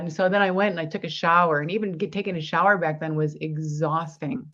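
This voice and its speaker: A woman's voice: low voice, fairly even intonation, fast talker, a bit bright. Earnest woman sharing her testimony. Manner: earnest storytelling, acting out quoted dialogue. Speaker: interview guest. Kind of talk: personal testimony in conversation. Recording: slightly dull lo-fi recording.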